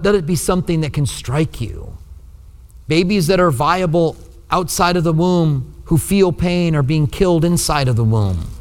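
A man preaching a sermon as pastor, earnest, his voice swinging between strong emphasis and hushed, low passages. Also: in a large hall.

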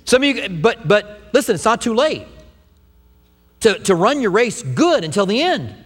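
A man preaching a sermon in a church, animated, at times acting out the voices of doubters. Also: high-pitched, normal speed, breathy edge. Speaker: pastor. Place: large church sanctuary. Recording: long hall reverb.

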